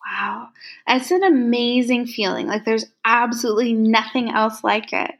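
Higher-voiced woman host, softly affirming. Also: moderate pace. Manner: short affirming interjections. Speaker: podcast host. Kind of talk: supportive listening with brief reactions.

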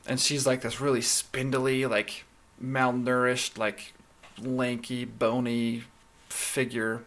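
A man's voice: mid-range voice, level tone, takes it slowly, a bit bright. A man co-hosting a podcast, chatting casually and enthusiastically, laughing as he retells scenes. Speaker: podcast co-host. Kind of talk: casual chat.

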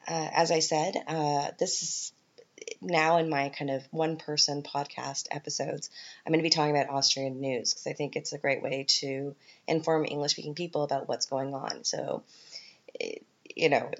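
Low-voiced chatty Canadian woman. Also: moderate pace. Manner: chatty, rambling, frequent ums and asides. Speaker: podcast host. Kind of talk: casual solo podcast talk. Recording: dull lo-fi podcast recording.

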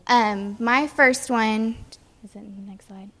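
Young woman presenting haltingly in flat tones, echoey hall. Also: fairly high pitch. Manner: hesitant, many ums. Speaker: mission trip speaker. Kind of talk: church presentation talk.

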